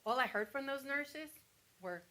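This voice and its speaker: An actress performs a wounded woman patient remembering her treatment after surgery. Her voice is bright and tense and a little high. She is teary and halting, but slips in dry humor. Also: expressive, exaggerated voice. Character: wounded woman patient recalling cruel nurses. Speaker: stage actor playing a breast cancer patient. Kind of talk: theatrical monologue.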